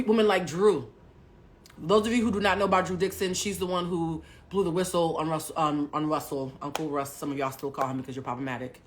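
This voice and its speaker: A woman host and journalist speaking candidly on a livestream, emphatic and outspoken, swearing freely and talking straight to her viewers. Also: low voice.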